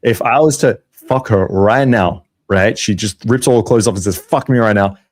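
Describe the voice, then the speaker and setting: Low-voiced man giving steady advice. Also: moderate pace, dry recording. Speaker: dating coach co-host. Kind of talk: casual podcast chat.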